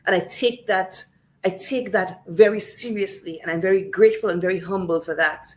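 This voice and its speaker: A woman's voice: medium pitch, moderate pace, low-quality recording. A woman from Saint Lucia, tearful and earnest, giving an impassioned livestream address and repeating phrases for emphasis. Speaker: livestream host speaking on politics. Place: home in Canada.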